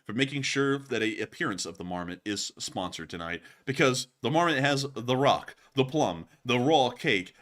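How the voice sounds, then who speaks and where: A man hosting a livestream, reading super chats and thanking viewers in a casual, animated way, often laughing. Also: medium pitch. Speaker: host.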